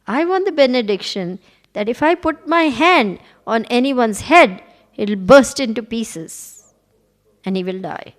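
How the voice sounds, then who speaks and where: A woman's voice: a little high, animated, measured pace. A woman voicing a greedy male demon who bluntly demands deadly power. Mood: demanding.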